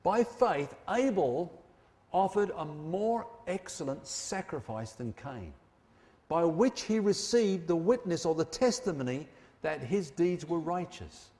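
A man preaching a sermon, emphatic, slowing down and dropping low on key phrases. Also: expressive, darkish tone, big-room sound.

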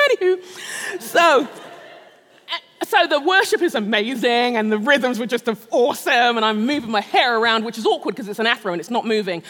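A woman's voice: a little high, animated, normal speed, pauses often, a bit bright, slight background noise. A middle-aged woman preaching a sermon, telling a personal story with self-mocking humor and frequent laughter. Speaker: speaker at a Christian gathering. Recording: long reverb of a large hall.

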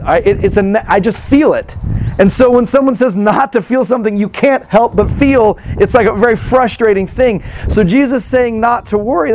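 A man's voice: sits high, slight background noise. A man giving a casual, conversational sermon and reading scripture, self-deprecating and given to acting out mocking replies. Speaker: pastor.

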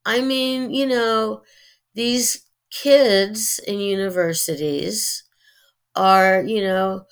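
A middle-aged woman with a Californian Valley accent, talking earnestly as an interview guest, with many pauses and fillers. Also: medium pitch, fairly even intonation, smooth. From United States. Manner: earnest, opinionated, halting with fillers. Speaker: guest, actress and writer. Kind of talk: interview conversation.

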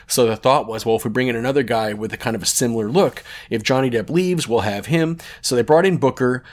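A man in his forties hosts a podcast in a loose, rambling monologue. He tells stories with enthusiasm, drifts off topic and swears casually. His voice sits at an ordinary pitch for a man. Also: quick pace, a little mellow. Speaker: podcast host.

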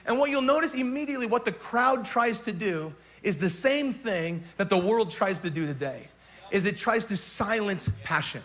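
A middle-aged male pastor preaching a fervent sermon, stumbling over repeated words and rising to shouts at the climaxes. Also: extremely high pitch, expressive, moderate pace.

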